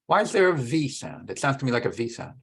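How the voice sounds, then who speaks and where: A man in casual technical conversation, thinking aloud about mathematics, with halting restarts. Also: medium pitch, very animated, vocal fry, slightly rough. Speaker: mathematician discussing research.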